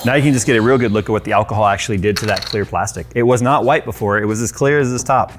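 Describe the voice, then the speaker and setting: A man's voice: lowish voice, very fast, noisy background. A man in his thirties casually walking through a hands-on cleaning job at a workbench, chatty and loose with offhand jokes. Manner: chatty, loose, self-deprecating asides. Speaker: tech YouTuber. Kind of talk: casual how-to demonstration. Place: workshop workbench.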